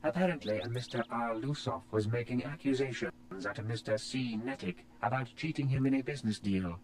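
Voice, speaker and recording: A man voicing a formal, helpful investigative droid in a video game, reporting facts in an even tone. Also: mid-range voice, a little fast, natural voice. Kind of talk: studio video game voice acting.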